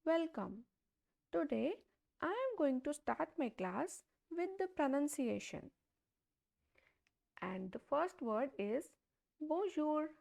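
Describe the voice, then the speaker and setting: A high-voiced woman teaches a beginners' pronunciation lesson. She speaks slowly and deliberately, repeating each example word, and her voice has a gravelly, creaky edge. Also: darkish tone. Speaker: language teacher. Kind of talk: slow step-by-step pronunciation lesson.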